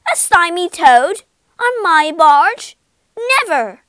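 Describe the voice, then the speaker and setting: A woman voicing a hearty, quick-tempered barge woman in a storybook reading. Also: high voice, very animated, no echo, studio quality. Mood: scornful.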